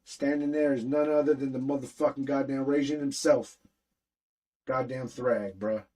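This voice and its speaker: A man with a slightly husky voice, talking at an ordinary pitch. He recaps an episode in a loose, slangy way, swearing freely and jumping into the characters' lines as he goes. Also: steady tone, normal speed, dark tone, poor audio. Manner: profane, slangy storytelling, acts out characters' lines. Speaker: podcast host recapping an animated series. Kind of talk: casual recap chat.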